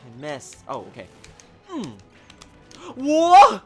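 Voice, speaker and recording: Male gamer, excitable play-by-play, slightly high voice, bursts from mutters into yells. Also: normal speed, soft background music. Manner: excitable, talks at the game, swings from mutters to shouts. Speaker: gaming channel host. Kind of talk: live gameplay commentary.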